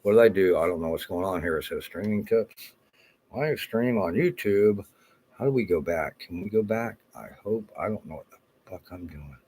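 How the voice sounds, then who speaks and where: A man's voice: sits low, normal speed, a little mellow, a little hiss or hum, poor audio. An older man rambling on a home livestream, swearing and flustered as he talks to himself at his computer. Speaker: livestream host.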